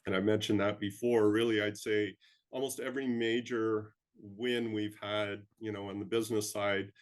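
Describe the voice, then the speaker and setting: A man's voice: on the low side, little pitch movement, normal speed. An older man from Canada, an interview guest who tells reflective stories in a humble, rambling way with frequent ums. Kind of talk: reflective storytelling.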